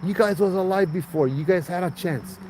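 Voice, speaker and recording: Man voicing fierce old Hawaiian priest, Hawaiian Pidgin accent, shouting, scolding, high-pitched. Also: normal speed, a little hiss or hum, natural voice, rough recording. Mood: angry, scolding.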